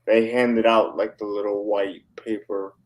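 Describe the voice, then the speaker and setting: A man's voice: on the low side, flat delivery, unhurried, darkish tone, low-quality recording. A man co-hosting a podcast in casual chat, speaking tentatively and hedging his words. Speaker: podcast co-host.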